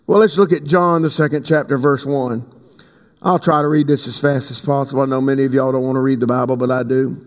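A man preaching a sermon as pastor, swinging between slow emphatic stretches and sudden high leaps. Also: fairly even intonation. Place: church sanctuary. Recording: long hall reverb.

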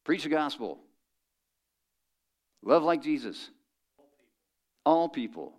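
A man's voice: medium pitch, sing-song, moderate pace, pauses often. A middle-aged man preaching a sermon as pastor, conversational and joking with the congregation.

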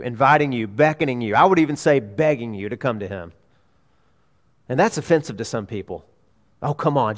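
A mid-pitched man delivers a sermon from a pulpit, earnest and emphatic. His voice swells on key pleas and drops to near-quiet asides. The sound carries the long reverb of a church sanctuary. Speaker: pastor.

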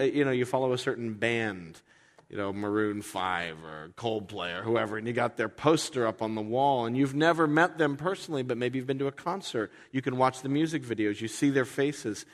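A man in his forties preaching a sermon in a conversational way, breaking into lively acted-out quotes. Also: medium pitch, normal speed. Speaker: pastor. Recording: long hall reverb.

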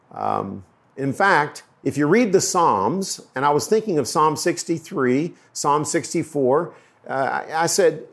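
A man preaching as a pastor, earnest and conversational, acting out quotes as he goes. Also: a little high. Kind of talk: sermon.

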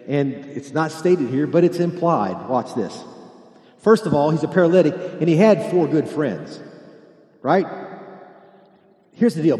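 A pastor tells a Bible story as a sermon and acts out the voices of its people. His voice is mellow and sits a little high. The sound carries the long, roomy echo of a big hall. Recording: echoey hall, long reverb.

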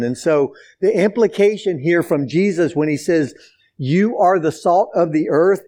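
Slow-preaching man with a higher voice. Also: darkish tone. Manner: emphatic preaching with repeated phrases, addresses the church directly. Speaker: pastor. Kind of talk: sermon.

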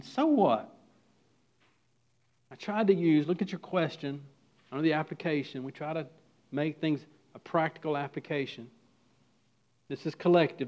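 A man with a somewhat high voice preaches a sermon to his congregation. He moves from loud, emphatic lines to hushed, quiet ones. The recording sounds dull and lo-fi. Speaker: pastor.

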